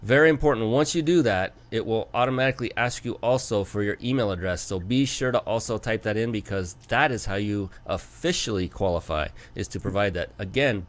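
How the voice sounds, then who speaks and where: Man, show host, low voice, enthusiastic, casual interview talk. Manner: enthusiastic, spells out details slowly.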